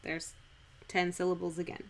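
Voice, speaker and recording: A woman's voice: lowish voice, completely flat delivery, moderate pace. A woman streaming live, thinking aloud as she scans a Shakespeare speech, chatty and self-correcting, repeating lines to test their stress. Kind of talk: thinking aloud while scanning verse. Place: home streaming setup.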